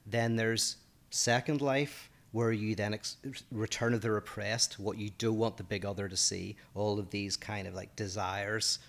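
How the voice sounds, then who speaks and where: A man's voice: lowish voice, fairly even intonation, a little slow, gravelly. A man with a Northern Irish accent, co-hosting a podcast and explaining ideas at length, thinking aloud in casual philosophical discussion. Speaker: podcast co-host.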